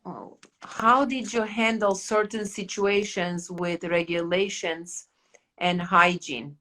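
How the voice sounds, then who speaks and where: A woman's voice: fairly low pitch, fairly even intonation, slow, pushed and bright. A woman hosting a podcast in casual chat, talking loosely with many fillers and restarts. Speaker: podcast host.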